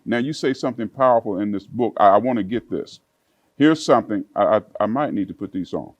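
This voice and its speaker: A man's voice: fairly low pitch, animated, brisk, no room sound. A man hosting a television interview, effusive and affirming toward his guest. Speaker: TV talk show host.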